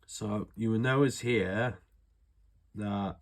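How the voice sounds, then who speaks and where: Low-ish guy from the uk, swears a lot, rambles through a repair how-to. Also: slow, gravelly. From United Kingdom. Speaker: airsoft hobbyist showing a repair. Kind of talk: casual how-to chat.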